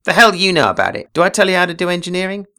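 A man reading his own story aloud, voicing an exhausted, paranoid male cryotech on a spaceship, low and brooding, with outbursts of anger. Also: a little fast, gravelly, pushed and bright. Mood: angry. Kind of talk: author reading own fiction.

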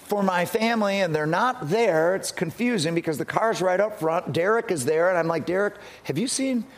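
A man's voice: sits high, moderate pace. A middle-aged male pastor telling a personal story in an earnest sermon, often restarting his sentences.

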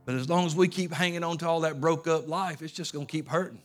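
A man's voice: fairly high pitch, quick pace. Male pastor, folksy then fervent preaching, light music underneath. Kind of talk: sermon.

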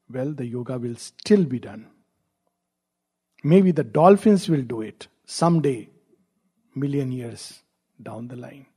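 A male spiritual teacher speaks in a rather high, mellow voice with a breathy, husky edge. He muses aloud, asks rhetorical questions and slips in gentle humor as he unfolds his teaching. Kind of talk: spiritual discourse.

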